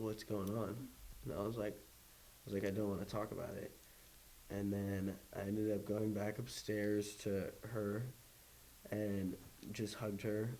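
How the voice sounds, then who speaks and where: A man's voice: on the low side, mellow, slight background noise, rough recording. A young man, a guest in an interview, telling a personal story in a rambling way, full of "like" and quoted dialogue. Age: young adult. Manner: rambling, heavy use of "like", quoting others. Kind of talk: candid storytelling.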